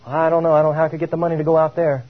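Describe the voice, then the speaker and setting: A man's voice: fairly high pitch, little pitch movement, narrow, tinny audio, lightly acted. A man voicing a shy, stammering young man who is unsure of himself. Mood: hesitant. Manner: hesitant, halting.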